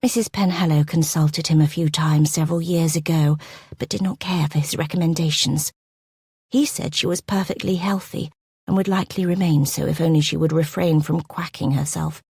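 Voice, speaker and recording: Lady doing a soft doubtful companion lady, quiet. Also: low-pitched, fairly even intonation, moderate pace, creaky, slightly rough, no echo, clean studio sound, full character voice. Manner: hesitant, soft-spoken. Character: doubtful, softspoken older female companion.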